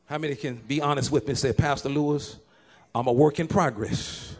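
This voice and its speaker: A male pastor preaching a lively sermon, moving from quiet talk to loud shouts and laughing with his congregation. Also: fairly quick. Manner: animated, swings from low and quiet to shouting.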